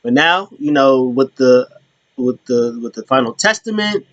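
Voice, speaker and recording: A man's voice: mid-range voice, expressive, a little slow, muffled recording. A man hosting his own show, giving a casual, rambling recap with many restarts. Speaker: show host.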